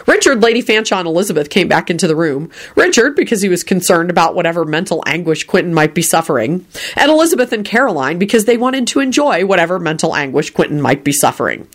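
Woman, story reading, animated pitch, expressive telling. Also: fast. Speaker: reader.

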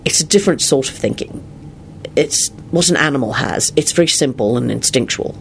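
A storyteller voicing a calm, soft-spoken male wizard with a protective manner. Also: mid-range voice, a little fast, vocal fry, slight background noise.

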